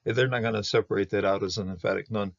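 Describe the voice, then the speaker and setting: Low gravelly guy explaining hebrew grammar, lots of uh and restarts, dull dry recording. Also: steady tone, no echo. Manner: halting, many fillers and restarts, explanatory. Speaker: Bible Hebrew teacher. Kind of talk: verse-by-verse Hebrew grammar lesson.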